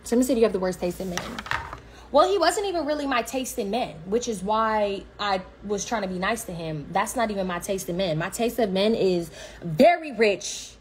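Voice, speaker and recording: A young woman, telling a story on a livestream in a blunt, slangy, profane, animated way. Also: mid-range voice, moderate pace, a little hiss or hum.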